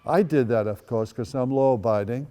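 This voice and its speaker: A man's voice: medium pitch, moderate pace, dark tone, big-room sound. A man in his eighties, originally from the Netherlands, gives a personal storytelling talk as a guest speaker with wry, dry asides. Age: 80s. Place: school event space.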